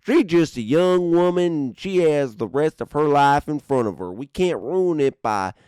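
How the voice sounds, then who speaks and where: A man's voice: a little high, expressive, normal speed, a little mellow, clean tone, dry recording, voice pushed up, lightly acted. Male comic as an easygoing country sheriff, folksy drawl, dry close sound. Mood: indulgent. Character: folksy small-town male sheriff, lenient.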